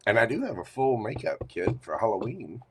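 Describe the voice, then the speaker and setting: A man's voice: on the low side, sing-song, fairly quick, heavy background noise. A man reading tarot cards live for viewers in a chatty, playful manner with teasing asides. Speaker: tarot reader.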